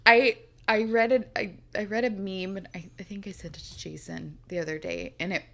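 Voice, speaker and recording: A woman's voice: medium pitch, steady tone, fairly quick, vocal fry, fairly bright tone. Woman, podcast co-host, casual and giggly, salty language. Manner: laughs often, swears casually. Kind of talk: casual chat.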